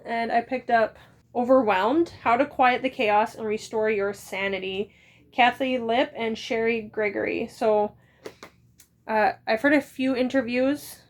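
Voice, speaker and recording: A woman in her thirties chatting casually as a book vlogger, rambling with quick asides. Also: fairly high pitch, steady tone. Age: 30s. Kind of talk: casual chat.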